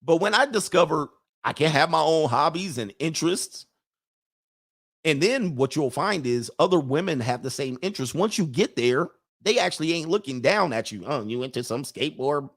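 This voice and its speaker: A man's voice: on the high side, expressive, normal speed, fairly bright tone. A man hosting a show of dating advice for men, talking in a blunt, preachy casual monologue and laughing at his own points. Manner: acts out other people's lines in put-on voices.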